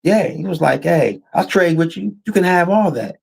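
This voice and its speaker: A soft-spoken man guest, talking in a halting, casual way. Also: fairly high pitch, animated, creaky, husky. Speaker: podcast guest. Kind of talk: casual chat.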